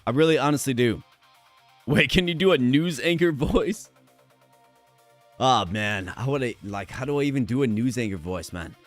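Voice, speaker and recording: A man with a hoarse voice, chatting energetically with viewers during a live stream. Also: medium pitch, lively intonation, normal speed, long pauses, no echo, soft background music.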